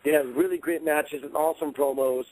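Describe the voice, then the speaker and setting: A man's voice: a little high, steady tone, fairly quick, a little mellow, rough recording. A man giving an upbeat rating of a wrestling show as a guest on a talk radio program. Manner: enthusiastic, fillers like "you know". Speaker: guest panelist. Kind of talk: casual wrestling review on radio.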